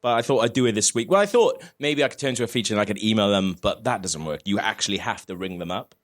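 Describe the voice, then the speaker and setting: A man's voice: fairly low pitch, animated, fast. A man from Wales hosting a live comedy podcast on stage, telling a story in a sweary, laughing, self-mocking way. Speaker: podcast host. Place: live stage in front of an audience.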